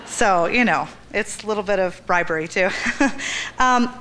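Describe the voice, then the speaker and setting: A middle-aged woman speaks earnestly at a women's church gathering, in a voice of ordinary pitch. She tells stories and acts out the quoted voices. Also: unhurried, fairly bright tone, a little hiss or hum.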